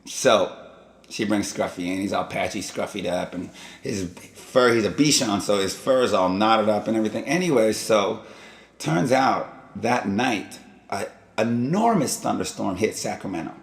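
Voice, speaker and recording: A man rambles through a loose, digressive story for his vlog. His voice is low and gravelly. The room gives it a noticeable echo. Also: animated, moderate pace. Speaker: vlog host. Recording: echoey room.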